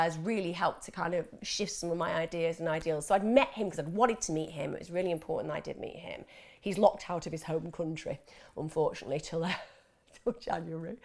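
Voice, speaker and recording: A woman hosting a live mental health Q&A, chatting casually and reading out viewer questions. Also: fairly low pitch. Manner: chatty, animated, laughs often, mimics voices. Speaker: host of a mental health Q&A livestream.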